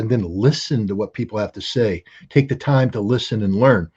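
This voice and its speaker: A man speaking as a guest commentator on a live call-in show, measured and reflective in long unhurried stretches. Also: medium pitch, a little mellow, husky, lo-fi sound, soft background music.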